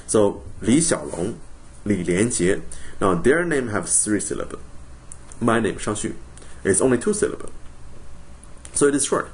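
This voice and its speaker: A man's voice: deep voice, slight background noise. A young man from China, introducing himself to his class in a recorded video in a friendly, joking way with frequent ums. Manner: friendly, jokey, frequent ums and self-corrections. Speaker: college instructor.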